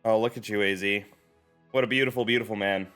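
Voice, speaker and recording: A male streamer gives loose, excitable commentary over a video game, cracking jokes and swearing as he reacts. Faint game music plays underneath his voice. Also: on the low side, fast, clean tone. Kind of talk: casual gameplay commentary, reading dialogue aloud.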